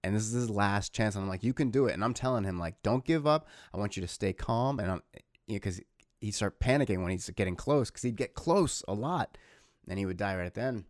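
A man in his thirties telling a rambling, animated story about his son, swearing casually. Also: on the low side, brisk, no room sound, studio quality.

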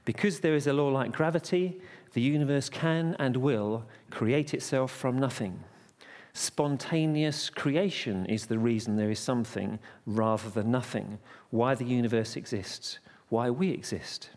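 A man's voice: mid-range voice, a little slow, darkish tone. A man preaching a carol service message in a church, conversational and playful, telling puns. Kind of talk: sermon with jokes. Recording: long church reverb.

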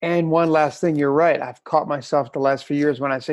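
A man's voice: fairly high pitch, fairly even intonation, fairly quick, darkish tone, no room sound, highs cut off. A man talking as a podcast guest, reflective and hedging his words as he explains. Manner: thoughtful, hedging with "if you will". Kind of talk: reflective interview talk.

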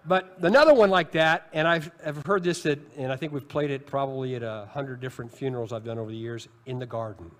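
A man's voice: mid-range voice, fast, hardly any pauses. A middle-aged male pastor giving an Easter sermon, emphatic and varied, with joking asides to his congregation. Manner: emphatic, varied preaching with asides and light humor.

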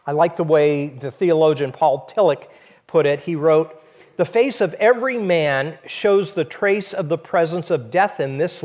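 High-voiced man preaching a sermon. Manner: explanatory, conversational preaching. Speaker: pastor.

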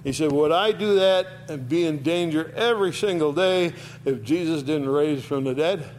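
A man giving an informal Bible teaching, retelling the scripture in lively storytelling and acting out the quoted voices. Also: fairly high pitch, normal speed, slight background noise.

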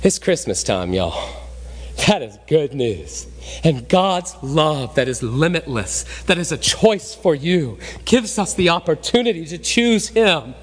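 Animated pastor in a reverberant church. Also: male voice, fairly high pitch, unhurried, breathy edge. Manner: emphatic, swinging between raised and hushed delivery. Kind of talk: sermon. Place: church sanctuary.

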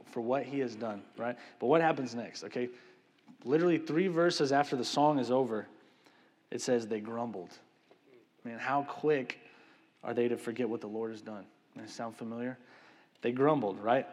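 A man preaching a sermon in a conversational, animated way, often tagging his sentences with "right?" and "man.". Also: medium pitch, moderate pace, big-room sound. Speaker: pastor. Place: church sanctuary.

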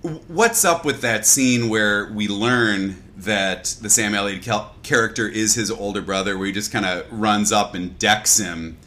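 A man's voice: on the low side, a little slow, few pauses, pushed and bright. A man co-hosting a casual movie discussion, earnestly posing questions about scenes. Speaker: podcast co-host.

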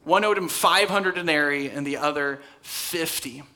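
Bright-voiced man preaching in church. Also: a little high, moderate pace. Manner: conversational preaching, drops to soft intense tones for emphasis. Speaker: pastor. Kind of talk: sermon. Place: church hall.

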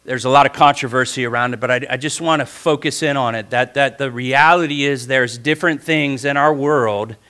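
A male pastor preaching a sermon, swinging between quiet talk and emphatic shouted passages, with the congregation repeating phrases after him. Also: mid-range voice, brisk, few pauses, clear, resonant tone.

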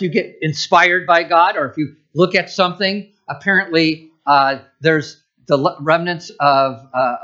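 A man's voice: fairly high pitch, pushed and bright, dull audio. A man preaching as a pastor, conversational, with asides and restarts. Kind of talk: sermon.

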